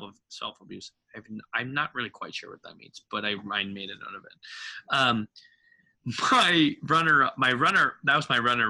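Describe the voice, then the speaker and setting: A man's voice: mid-range voice, vocal fry, bright, forceful tone. A man co-hosting a casual movie review podcast, rambling and laughing as he recalls favorite lines. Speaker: podcast co-host.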